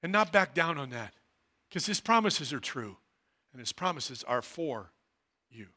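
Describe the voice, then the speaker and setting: A man, a pastor, preaching a sermon in a church, swinging from loud declarations to quiet, low asides. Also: big pitch swings, a little slow. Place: church hall.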